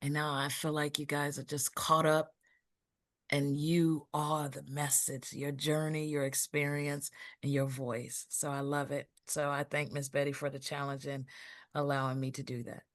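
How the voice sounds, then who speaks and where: A woman poet performing spoken word at an open mic, with a measured, rhythmic delivery and dramatic pauses, then chatting warmly about her piece. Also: low voice, little pitch movement. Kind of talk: spoken word poetry reading.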